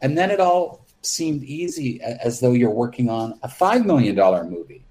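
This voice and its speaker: Speaking at normal speed in a mellow, sing-song, medium-pitched voice, a makeup artist guest on an interview podcast recounts his film work. His casual storytelling is candid and rambling, with frequent restarts.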